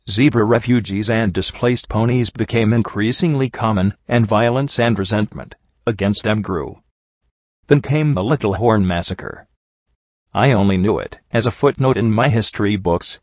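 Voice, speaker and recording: A man giving measured, somber first-person audiobook narration. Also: on the low side, no echo, highs cut off.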